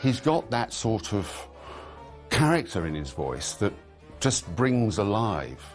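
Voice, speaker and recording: Man, deep voice, halting, documentary interview. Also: very animated, over music. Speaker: documentary commentator.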